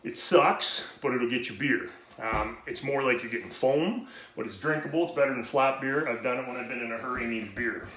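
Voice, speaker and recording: A man with a mid-range, bright, forceful voice speaks briskly as he hosts a home brewing video. His casual how-to demonstration rambles, interrupts itself, and is full of profanity, leaving him out of breath. The room is roomy and echoey, with faint noise.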